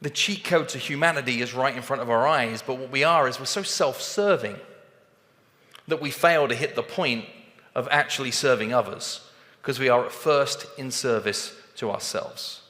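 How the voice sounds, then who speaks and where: Animated motivational speaker with bright voice. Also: male voice, mid-range voice, normal speed, long reverb tail. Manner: animated, acts out both sides of conversations. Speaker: sales trainer speaking on stage. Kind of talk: motivational talk.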